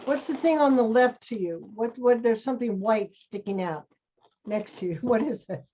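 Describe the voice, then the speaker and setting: A woman's voice: a little high, normal speed, warm tone, slight background noise. A woman acting teacher coaching students over a video call, encouraging and calling them sweetie and honey. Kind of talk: coaching students in an online class. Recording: dull lo-fi call audio.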